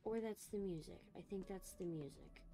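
A woman's voice: medium pitch, moderate pace, mellow, faint music behind. A young woman streamer playing a scary game, talking to herself in a jittery way and swearing often. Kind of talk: let's play commentary.

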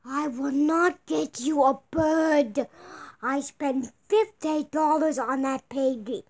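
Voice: sits high, slow. A performer in a comedy skit who plays an exasperated adult, talking sarcastically and cursing.

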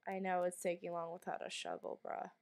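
A woman's voice: on the low side, little pitch movement, brisk, vocal fry, a little mellow. A woman giving let's play commentary while sick and coughing, jumpy and anxious, swearing often and dropping to whispers in tense moments. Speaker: gamer streamer.

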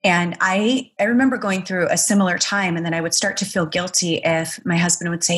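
Animated woman podcast host. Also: lowish voice, normal speed, hardly any pauses. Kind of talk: casual podcast interview.

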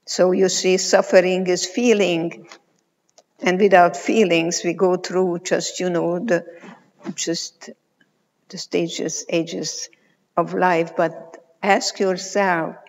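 A woman in her eighties, a psychologist, giving a motivational conference talk, telling stories slowly and emphatically with pauses. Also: fairly low pitch, flat delivery. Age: 80s. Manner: slow, emphatic storytelling with pauses. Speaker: keynote speaker, psychologist. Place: large conference hall. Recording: reverberant hall, muffled sound.

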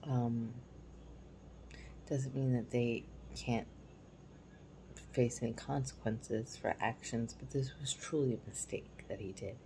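A woman in her forties telling a personal parenting story in a candid, reflective way, sometimes dropping to a soft hush. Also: rumbling low, fairly even intonation, slow, pauses often, slight background noise, low-quality recording. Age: 40s. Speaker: parenting vlogger.

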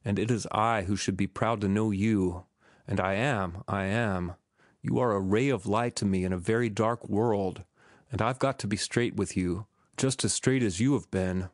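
Man reading a gentle, resolute young ex-sailor, low calm voice, dry close sound. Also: no echo, natural voice. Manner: gentle, measured speech.

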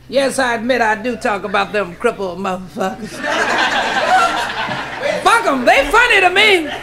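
A male stand-up comedian with a very high, piercing, bright voice. He rattles through a raunchy routine, shouting the punchlines. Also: very animated, a little slow, pauses often. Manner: loud, shouting punchlines, profane.

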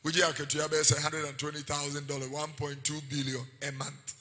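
A man preaching a sermon with a Ghanaian accent, shouting out warnings and switching between Twi and English. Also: a little high, completely flat delivery, a little fast, rough recording. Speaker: prophet preaching.

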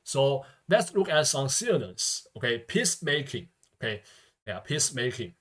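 A man's voice: medium pitch, big pitch swings, normal speed, fairly bright tone. Man teaching vocabulary with constant okay tags. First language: Mandarin. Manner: peppers speech with constant "okay" and "yeah" tags. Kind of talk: vocabulary lesson lecture.

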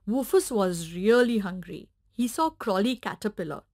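A woman storyteller reading a children's animal story aloud, gentle and expressive. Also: mid-range voice, normal speed, few pauses.

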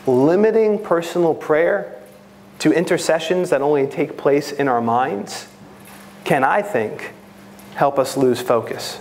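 A man's voice: medium pitch, slight background noise. A man with a New York accent preaching a sermon as a pastor, earnest and rising to impassioned, prayerful pleading.

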